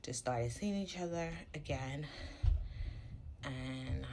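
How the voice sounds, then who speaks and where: A woman's voice: rumbling low, measured pace, a little mellow, slightly rough. A woman in her thirties telling a candid, reflective personal story in a casual vlog at home. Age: 30s. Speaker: vlogger.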